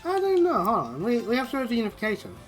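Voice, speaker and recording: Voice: mid-range voice, wildly swooping pitch, very fast, soft background music. A let's play host giving casual gameplay commentary, rambling and chewing candy while talking.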